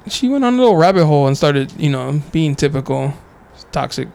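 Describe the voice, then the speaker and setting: A young man in casual chat, joking and swearing, slipping into quick impressions of friends. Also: a little high, sing-song, creaky, a little mellow. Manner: joking, swears freely, mimics others in quick asides.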